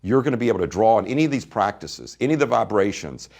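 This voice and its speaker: A man teaching energy practices in a spoken talk, retelling a conversation with a client and then speaking straight to his listeners, moving between emphatic and quiet delivery. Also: fairly low pitch, big pitch swings, fast talker, vocal fry.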